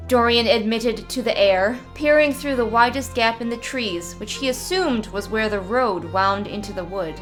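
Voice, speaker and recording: Woman narrating a fantasy tale, steady and measured, faint music under it. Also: fairly high pitch. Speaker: story reader. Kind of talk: reading a fantasy short story aloud.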